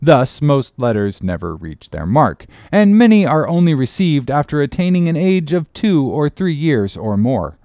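Expressive male audiobook narrator. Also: on the high side, no echo. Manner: measured, expressive storytelling. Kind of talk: audiobook reading of a classic novel.

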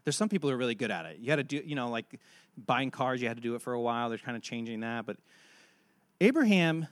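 A man preaching a sermon, telling a Bible story and acting out its dialogue with animated delivery. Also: a little high, no echo, studio quality. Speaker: pastor.

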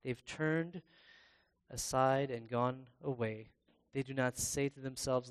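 A man preaching a sermon in a conversational way, pausing and restarting as he reads scripture aloud. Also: mid-range voice, smooth. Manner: bursts into loud, excited acted-out exclamations.

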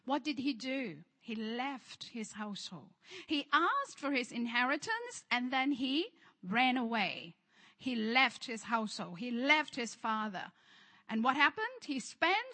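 A woman preaching a sermon, leading her congregation in call-and-response and swinging from fervent shouts to hushed storytelling. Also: high-pitched.

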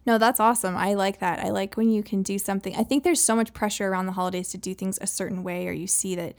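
A woman hosting a parenting podcast in casual chat, encouraging and quick to laugh. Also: medium pitch, fairly even intonation. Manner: warm, encouraging, laughs often. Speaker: podcast host.

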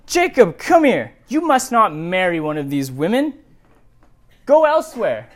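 A preacher putting on the voice of an excited old father who loudly calls his son over and gives him orders. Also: normal speed. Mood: emphatic. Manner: loud, emphatic, high-pitched.

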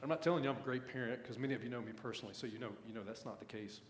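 Folksy preacher guy in his 30s, mid-pitched voice, roomy church echo. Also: racing, a little hiss or hum. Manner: folksy, says "man" often, pulpit storytelling. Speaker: pastor. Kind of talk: sermon.

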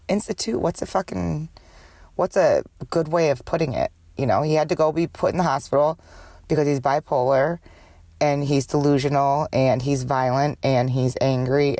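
A woman's voice: very deep voice, dark tone, no echo. A woman hosting a candid solo podcast with a cold and a smoker's cough. She talks in a rambling, profane way and jumps from thought to thought. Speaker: podcast host.

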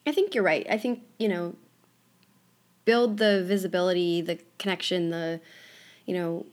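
A woman with a fairly low voice muses through her points in a relaxed podcast conversation. She leans on "you know" and "um," and her pitch climbs when she presses an idea. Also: normal speed. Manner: thoughtful, many fillers, rises in pitch when stressing points. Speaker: podcast co-host. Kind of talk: casual chat.

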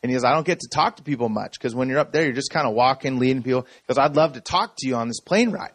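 A man in his thirties giving an energetic, story-driven sermon talk to a room full of people. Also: mid-range voice, quick pace, no room sound. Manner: energetic storytelling, self-described talker. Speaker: speaker. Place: room with audience.

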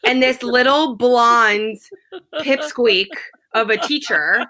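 A woman in her thirties, a guest telling a lively, dramatic story in casual conversation and acting out the quotes. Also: fairly high pitch, takes it slowly.

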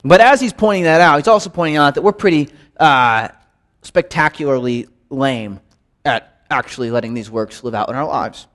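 A man teaching a midweek Bible study in a relaxed, conversational way, often repeating words to stress a point. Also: on the high side, normal speed. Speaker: pastor.

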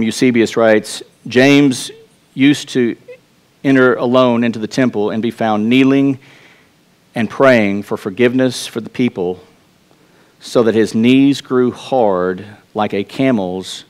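Earnest Texan pastor preaching. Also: male voice, medium pitch, unhurried, a little mellow. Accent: Texas. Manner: earnest, conversational preaching with restarts and asides to the congregation. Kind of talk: sermon.

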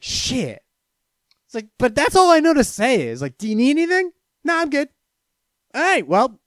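A man's voice: no echo, clean studio sound. A man from Florida chatting casually with his stream, telling stories and answering chat questions in a profane, rambling way. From Florida, USA. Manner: profane, storytelling, lively swings in pitch and loudness.

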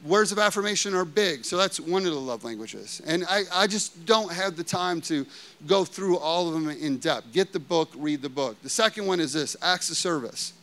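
A man in his thirties preaching a sermon in a lively, conversational way, often checking in with the congregation. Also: on the high side, normal speed. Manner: animated and conversational, keeps asking the congregation "okay?". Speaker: pastor.

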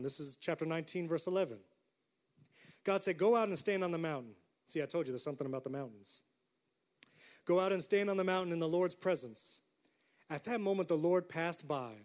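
A man preaching a sermon as a pastor, earnest and dropping to a hush on quiet passages. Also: on the high side. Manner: earnest preaching, drops to a hush for quoted whispers.

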